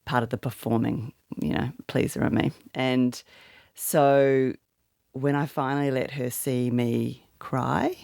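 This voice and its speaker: A middle-aged woman from Australia talks candidly as a podcast guest. Her voice has a gravelly, fry-tinged texture. She sounds reflective and open, and she is recorded dry and close. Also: a bass voice, fairly even intonation, slow pace, darkish tone, no room sound. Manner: open, reflective, emotional storytelling. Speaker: guest author. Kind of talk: candid interview conversation.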